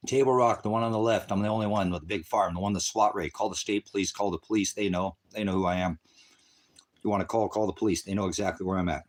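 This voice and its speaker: A man's voice: lowish voice, steady tone, fast. A man ranting angrily on a livestream, taunting and cursing at viewers in a combative, profane way, partly outdoors on his farm and speaking into a phone camera. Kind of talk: angry livestream rant at chat.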